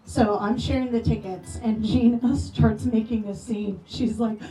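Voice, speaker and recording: A woman telling affectionate, animated stories about a late friend at a memorial, acting out quoted lines. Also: on the high side, a little slow. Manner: animated storytelling with playful quoted voices. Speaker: memorial speaker. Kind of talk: eulogy storytelling. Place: memorial gathering hall. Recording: roomy echo, distant from mic, soft music.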